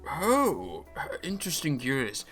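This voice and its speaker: A man's voice: fairly high pitch, huge pitch swings, unhurried, fairly bright tone, faint music behind, pitched above the performer's own voice, full character voice. A man voicing a fussy, hesitant old keeper of souls in a tabletop game. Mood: evasive. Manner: hesitant, politely evasive.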